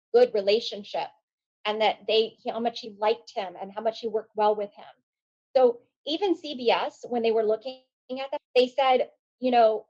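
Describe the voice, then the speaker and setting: A woman's voice: a little high, a little mellow, lo-fi sound. A woman panelist giving political commentary on a group call, analytical and recounting quotes with frequent fillers. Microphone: online call mic.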